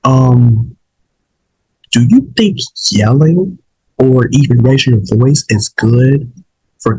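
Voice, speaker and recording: A man's voice: medium pitch, a little mellow, breathy edge, low-quality recording. A man, a little sick and saving his voice, talking casually to his viewers in a rambling way, with many fillers and restarts. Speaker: vlog host. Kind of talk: casual opinion talk to viewers.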